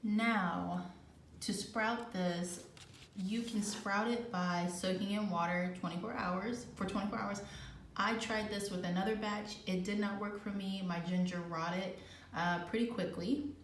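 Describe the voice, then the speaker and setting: A woman's voice: mid-range voice, fairly even intonation, a little slow. A woman hosting a gardening channel, chatting casually in her home kitchen and thinking aloud as she works. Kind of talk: casual how-to chat. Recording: echoey room with faint background noise.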